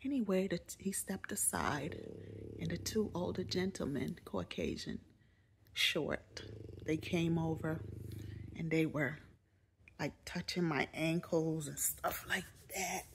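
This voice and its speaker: A middle-aged woman telling a personal story in a casual, animated, jokey way to camera. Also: low-pitched, slow pace, creaky, background noise. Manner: animated, jokey, quoting others in raised voices. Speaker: vlogger.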